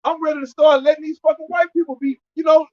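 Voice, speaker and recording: A man preaching loudly and profanely to a street audience, shouting in bursts. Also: extremely high pitch, little pitch movement, quick pace, highs cut off.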